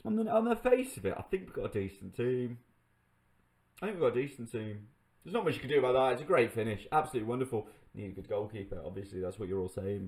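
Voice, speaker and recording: A man hosting a gaming channel, commentating his own game live to viewers, swinging between excitement and exasperation. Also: mid-range voice.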